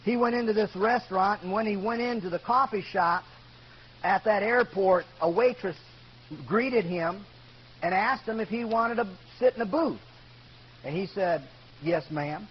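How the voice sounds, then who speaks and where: With a high-pitched, slightly rough voice at a moderate pace, a pastor preaches forcefully, shifting from booming to quiet and urging "amen" from the congregation. The sermon comes through a dull, lo-fi recording carrying a faint hum.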